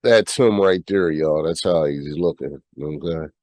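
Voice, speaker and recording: A sick American podcast host with a nasal, stuffy voice, talking bluntly and reading news aloud. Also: male voice, a bass voice, a little slow, a little mellow, dry recording, rough recording. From United States. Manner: blunt, repeats himself, swears freely.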